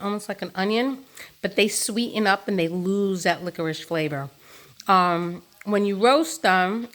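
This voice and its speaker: A woman's voice: mid-range voice, a bit bright. A woman talking casually and enthusiastically to her phone camera at home, showing her vegetables and eating as she goes. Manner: chatty, enthusiastic, eats while talking. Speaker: vlogger showing a farm share haul. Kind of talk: casual chatty vlog.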